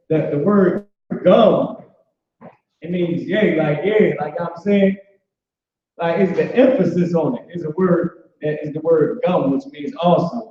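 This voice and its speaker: A man leads an informal online language class in a loose, chatty way, full of restarts. His voice sits a little high. The call audio is very echoey and dull. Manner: loose, conversational, repeats "boom" and restarts often. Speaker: class teacher.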